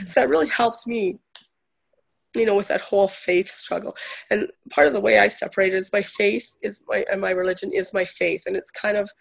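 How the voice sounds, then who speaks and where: Gravelly woman telling a story. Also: mid-range voice. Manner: chatty storytelling, retelling others' words. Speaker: guest healer. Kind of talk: casual chat.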